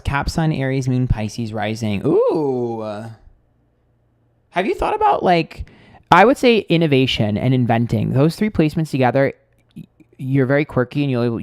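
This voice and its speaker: A man's voice: mid-range voice, a little mellow, no echo, clean studio sound. A man reading tarot on a live stream, chatting casually, blunt and candid, ranting with swearing and lots of fillers.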